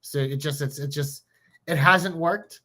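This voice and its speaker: A man co-hosting a podcast, talking about wrestling in an excitable, emphatic way and swearing now and then. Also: on the high side, a little slow. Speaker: podcast co-host. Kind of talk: casual wrestling chat.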